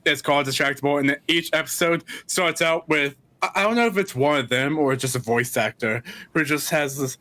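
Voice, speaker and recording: A man's voice: fairly high pitch, brisk, few pauses, pushed and bright, no room sound. A man co-hosting a comedy podcast, chatting casually and playfully with restarts. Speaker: podcast co-host.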